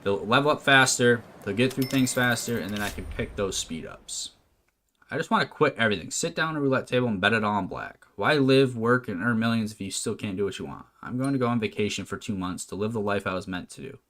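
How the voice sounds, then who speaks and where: Talking fast in a low, fairly bright voice, a man provides let's-play commentary on a management game. He reads its text out loud with wry remarks, and the recording carries faint noise and clicks.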